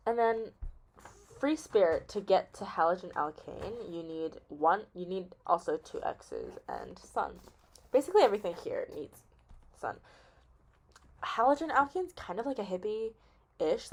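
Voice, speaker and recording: A young woman casually explaining chemistry as a playful story, chatty and thinking aloud with lots of fillers. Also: medium pitch.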